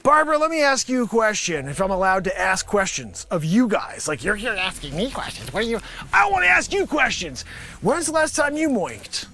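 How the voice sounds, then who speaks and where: A man hosts his own comedy show and improvises a mock sales pitch in a high, bright voice. His delivery is brash and sarcastic, and his pitch swoops wildly up and down. He mutters asides and then breaks into sudden shouts. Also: sing-song, moderate pace. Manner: swings between mumbled asides and sudden shouted outbursts.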